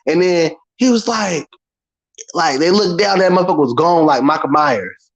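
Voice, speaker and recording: Man around thirty, casual vlog rant, slightly high voice, dull lo-fi sound, loud and theatrical. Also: normal speed. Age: about 30. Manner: animated, profane, dramatic, imitates screams. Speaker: vlogger.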